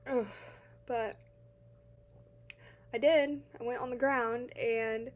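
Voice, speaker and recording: A young woman telling a personal account to camera, halting and teary-eyed, full of filler words, swinging between quiet and loud. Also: a little high, steady tone. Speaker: vlogger.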